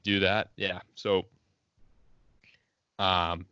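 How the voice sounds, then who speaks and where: A young man, one of the hosts of a casual podcast, talks in a laid-back, joking way. His voice is lowish yet bright in tone, recorded dry and a little dull. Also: little pitch movement, very slow, clean tone, no room sound. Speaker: podcast co-host. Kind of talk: casual storytelling chat.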